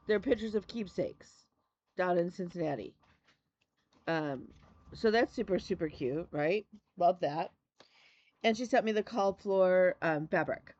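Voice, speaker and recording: A woman's voice: lowish voice, dull audio. A middle-aged woman from Michigan chatting casually as the host of a stitching video, effusive and repetitive in her enthusiasm. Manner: chatty, effusive, repeats "love me a". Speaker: flosstube host. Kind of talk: casual chat.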